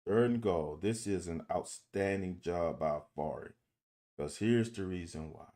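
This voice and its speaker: Man, casual football film commentary, exasperated coaching critique, swears, talks to viewers, slow-paced delivery. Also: low-pitched, dark tone. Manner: addresses viewers directly as "y'all". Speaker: football film breakdown host.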